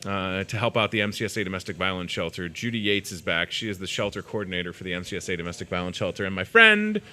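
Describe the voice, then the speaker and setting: A man's voice: deep voice, animated, quick pace, sharp tone. A man hosting a live in-store show, chatting casually in a jokey, rambling, self-deprecating way. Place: inside a grocery store.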